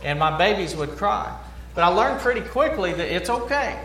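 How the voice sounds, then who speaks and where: A man's voice: high-pitched, big pitch swings, moderate pace, a bit bright, echoey room, a little hiss or hum. A middle-aged man preaching a sermon in a conversational way, asking rhetorical questions and repeating phrases for emphasis.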